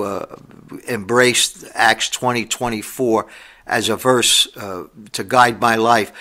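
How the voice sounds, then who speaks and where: A man's voice: mid-range voice, a bit bright. An older man preaching a blunt, plain-spoken sermon as a pastor, with many fillers and restarts. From New York.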